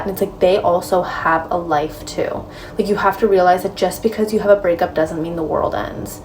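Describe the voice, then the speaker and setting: A woman's voice: on the low side, steady tone, moderate pace, darkish tone. Woman, casual advice vlog, blunt and direct, says "like" a lot, a bit far from the mic, faint room noise. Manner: frank and direct, lots of "like" and "right?". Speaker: advice vlogger. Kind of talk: casual advice talk to camera.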